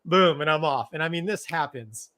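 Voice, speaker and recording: A middle-aged man with a slightly high voice tells a war story in an easy, casual way. He sounds animated and breaks into small laughs as he goes. His talk is loose, with restarts and "man" and "dude" scattered throughout. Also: moderate pace. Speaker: co-host, former Navy fighter pilot.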